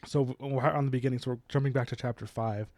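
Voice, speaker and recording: A man's voice: mid-range voice, rapid-fire, dry recording. A man co-hosting a book discussion podcast, casually retelling scenes and acting out the characters' lines. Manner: animated, retells scenes with quoted voices. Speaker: podcast co-host.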